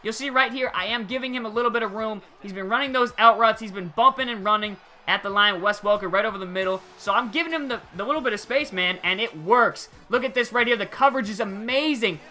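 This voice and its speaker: A young man giving casual, excitable gameplay commentary over a football video game, using slang and chuckling often. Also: sits high, fast, hardly any pauses. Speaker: gaming channel host.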